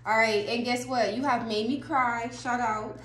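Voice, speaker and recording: Tarot lady chatting to her viewers, a little high voice, swears a lot, echoey room, faint hiss. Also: fairly even intonation, unhurried, a bit bright. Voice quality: chatty, laughing, swears casually, talks straight to viewers. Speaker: tarot reader. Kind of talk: casual tarot reading for viewers.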